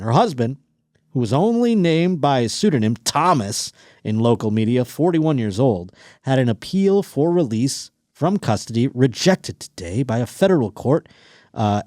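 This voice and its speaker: A man with a mid-range, somewhat dark voice hosts a podcast, recorded dry and clean in a studio. He reads listener stories aloud and riffs on them with crude, sarcastic jokes, in the style of comedic news commentary.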